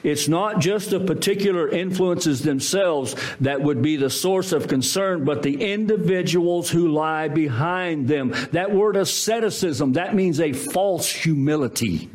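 A man preaching a sermon, telling a story in an animated way with quoted voices. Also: fairly high pitch, a little slow, hardly any pauses. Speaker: pastor.

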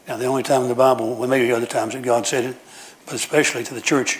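Man preacher, homespun sermon delivery, repeats and restarts phrases, average pitch, church. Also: steady tone, fast talker. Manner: folksy storytelling with frequent restarts and repetition.

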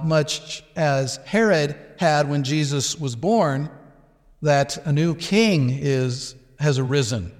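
Slow-spoken male Bible teacher. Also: medium pitch, big-room sound. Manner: explanatory, with filler words and restarts, acting out quoted exchanges.

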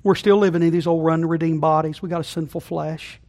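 High-voiced folksy preacher, loud to hushed. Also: male voice, steady tone, fairly quick. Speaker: pastor. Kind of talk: sermon. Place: church sanctuary.

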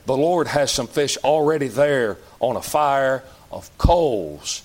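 A man's voice: medium pitch, expressive, slow, a little mellow. A man preaching a sermon in a church, folksy and plain-spoken, asking the congregation question after question. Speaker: pastor.

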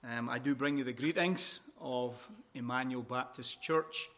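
A middle-aged Scottish pastor from Scotland preaching a sermon at a women's conference, speaking deliberately and with good humor. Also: male voice, mid-range voice, fairly even intonation, a bit bright. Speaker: visiting pastor.

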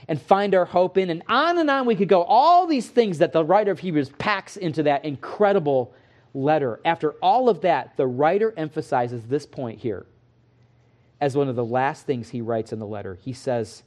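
A man delivering an expository sermon in a somewhat high voice. He preaches earnestly and with emphasis, leaning hard on key words as he teaches. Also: animated, normal speed, darkish tone. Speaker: pastor.

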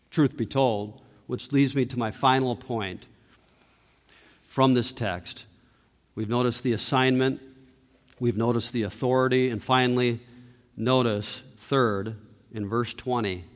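A man preaching a sermon as pastor, emphatic, rising to loud peaks and dropping to hushed low lines. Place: church sanctuary. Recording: long reverb of a church hall.

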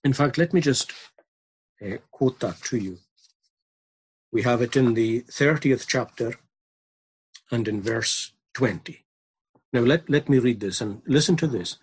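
Male preacher, husky timbre, earnest and emphatic. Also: mid-range voice, measured pace, long pauses. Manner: earnest, building to emphatic repetition. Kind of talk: sermon.

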